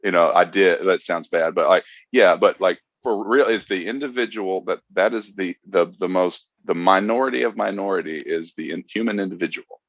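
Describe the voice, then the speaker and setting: A man from Mississippi with a Southern American accent, a former Marine telling stories as a podcast guest in an earnest, relaxed way. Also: deep voice, normal speed, few pauses, no room sound, highs cut off. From Mississippi, USA. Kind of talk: casual podcast conversation.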